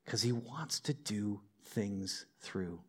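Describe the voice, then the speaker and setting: A man preaching a sermon in a conversational, lively way, with personal stories and light humor. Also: on the low side, slow. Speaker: pastor.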